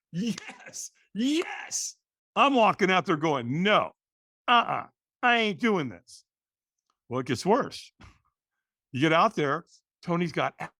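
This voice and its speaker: A middle-aged man, a podcast guest, telling a personal story in a lively way, acting out the voices in the quotes and often restarting words. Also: on the high side, no echo, studio quality.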